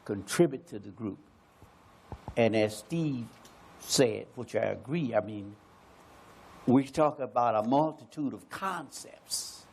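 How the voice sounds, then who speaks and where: An American man on an arts panel, talking in a slow and musing way, repeating phrases and pausing often. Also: medium pitch, animated, a little mellow, breathy edge. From United States. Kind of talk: slow reflective panel talk.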